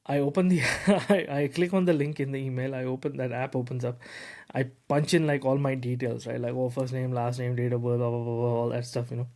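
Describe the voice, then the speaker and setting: A man hosting a tech podcast, telling a story in a lively, casual way with lots of fillers and repeated words. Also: medium pitch, fairly quick, hardly any pauses. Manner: animated, repeats words, heavy fillers like "bro" and "you know". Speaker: podcast host.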